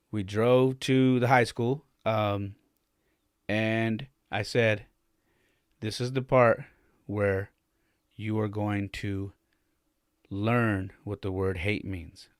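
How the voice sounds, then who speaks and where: A man's voice: fairly low pitch, fairly even intonation, slow, no echo, clean studio sound. A man in his forties hosting a podcast, telling a candid family story and acting out the dialogue, his voice climbing as he gets worked up. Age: 40s. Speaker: podcast host.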